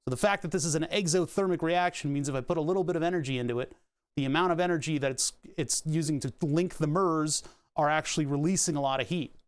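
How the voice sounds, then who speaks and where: A man's voice: a little high, fast, clear, resonant tone. A man streaming casually while he works on a craft project, rambling and restarting sentences and laughing at puns as he talks to his chat. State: hiccuping, heartburn.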